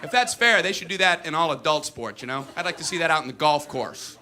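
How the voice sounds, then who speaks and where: A man doing stand-up comedy, telling stories and bursting into shouted voices of other characters. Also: a little high, expressive, quick pace. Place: comedy stage. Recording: live show with crowd laughter and noise.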